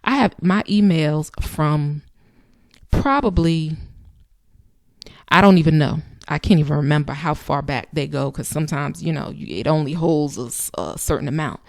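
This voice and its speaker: A woman's voice: low-pitched, animated, moderate pace, no room sound, studio quality. A woman in her thirties hosting a channel, giving casual, emphatic advice in a conversational way and repeating phrases for effect. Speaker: channel host.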